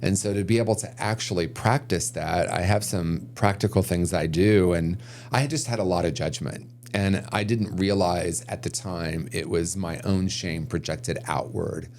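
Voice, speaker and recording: A man's voice: deep voice, moderate pace, a little mellow. A man speaking as a podcast guest on recovery, reflective and earnest, thinking aloud and often restarting his sentences. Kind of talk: conversational podcast interview.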